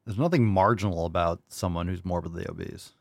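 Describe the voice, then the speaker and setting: A man's voice: sits low, brisk, creaky, no room sound, clean studio sound. A man hosting a livestream show, reacting to clips in a blunt, mocking, sarcastic way. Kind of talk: casual reaction commentary.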